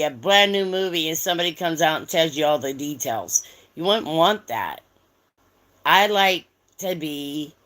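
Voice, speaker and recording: A woman's voice: sits low, a bit bright. A tired, yawning woman hosting a livestream, chatting casually and bluntly to her viewers. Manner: blunt, chatty, talks straight to the audience. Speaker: livestream host.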